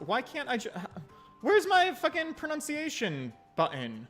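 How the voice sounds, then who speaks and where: American guy, gameplay stream chatter, swears a lot, lively pitch, bright voice. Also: measured pace, faint music behind. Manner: profane, exasperated, rambling. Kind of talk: casual gameplay commentary.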